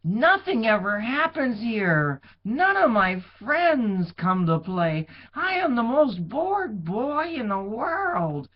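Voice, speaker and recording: A man's voice: extremely high pitch, sing-song, voice pushed up, full character voice. A man voicing a bored young shepherd boy in a storybook reading, drawing out his complaints. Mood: bored whine. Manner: drawn-out, exaggerated complaining. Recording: dull lo-fi recording.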